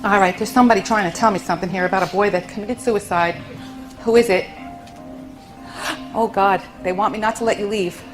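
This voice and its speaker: A woman's voice: medium pitch, steady tone, fairly quick, pauses often, over music. Soothing medium woman with endearments. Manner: soothing, endearments, relays messages. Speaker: psychic medium. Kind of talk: live audience reading.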